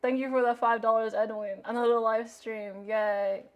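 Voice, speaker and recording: A woman talks casually to her chat during a live cooking stream. Her voice sits fairly high, and she rambles in an offhand, talkative way, leaning on filler words. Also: flat delivery, normal speed. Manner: chatty and offhand, lots of "like" fillers, laughs often.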